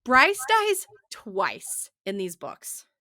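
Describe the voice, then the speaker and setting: A woman's voice: medium pitch, drawn-out words, dry recording, clean studio sound. A woman co-hosting a podcast in casual chat, stressing her points one after another. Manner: emphatic, lists points in a steady run. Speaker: podcast co-host.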